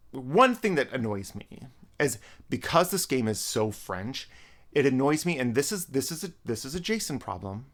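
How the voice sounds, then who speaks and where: Young adult man vlogging about games, mid-pitched voice, loose and rambling delivery. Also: a bit bright. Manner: rambling, self-correcting, frequent restarts. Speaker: gaming vlogger. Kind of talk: casual gaming commentary.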